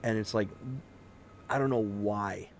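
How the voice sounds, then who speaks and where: A man's voice: fairly low pitch, a little slow, gravelly, a little hiss or hum. Rambling male game streamer chatting casually. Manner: rambling, repeats words and restarts while telling a personal story; reads out and thanks viewers' chat messages. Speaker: live-stream host of a farming game. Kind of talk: casual live-stream chat.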